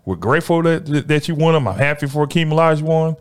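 A man's voice: fairly high pitch, expressive, fast talker, smooth. A man co-hosting a casual sports podcast, arguing in an emphatic, slangy way.

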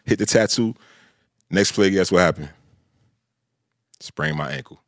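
A man's voice: deep voice, unhurried, no room sound, studio quality. A man in his thirties, a former offensive lineman, telling stories in a laid-back casual chat with lots of "bro". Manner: laid-back, lots of "bro" and "you know what I'm saying". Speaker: former pro football offensive lineman, podcast guest.

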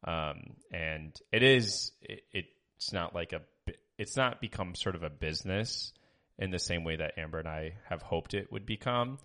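A man's voice: deep voice, normal speed, sharp tone. A man co-hosting a podcast, chatting casually and hesitantly with many fillers, reading listener reviews aloud. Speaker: podcast co-host. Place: small home studio.

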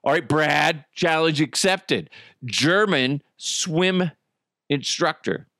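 A man hosting a comedy podcast while high, rambling, giggling and swearing. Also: slow pace, sharp tone, no room sound, studio quality. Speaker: podcast host. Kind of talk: loose comedy podcast chat.

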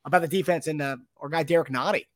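A man with a slightly high voice hosts a football podcast, talking fast as he rambles through plays, restarts his sentences, and passes questions to his co-host in casual sports chat. There's no echo.

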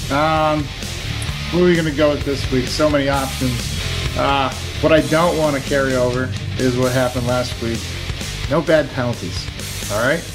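A man co-hosting a sports podcast, talking in a relaxed, joking way. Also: medium pitch, moderate pace, over music. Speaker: podcast co-host. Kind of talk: casual sports chat.

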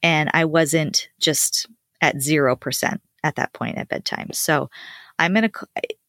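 A woman with a low, deep-set voice talks in an easygoing, earnest way, stumbling and restarting as she goes. The sound is close and dry, with no room around it. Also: steady tone, measured pace, fairly bright tone, dry recording. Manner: chatty, earnest, many restarts and self-corrections. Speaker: podcast co-host, parent. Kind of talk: casual chat.

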